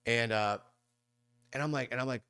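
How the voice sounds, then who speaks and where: A man in his fifties, a podcast guest, telling a long story in a rambling way and mimicking other people's voices with sudden high squeaks. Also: normal speed, pushed and bright, clean tone, dry recording, studio quality. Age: 50s. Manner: rambling with many restarts and fillers. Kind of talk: conversational storytelling.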